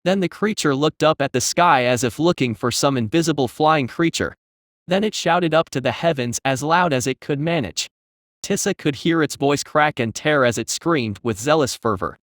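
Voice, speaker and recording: A man's voice: medium pitch, moderate pace, no echo, studio quality. Male fantasy audiobook narrator.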